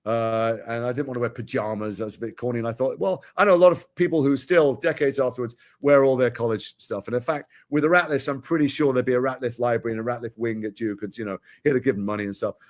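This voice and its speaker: A middle-aged man from Britain, an actor chatting as an interview guest, telling animated stories with quick asides. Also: medium pitch. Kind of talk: casual interview chat.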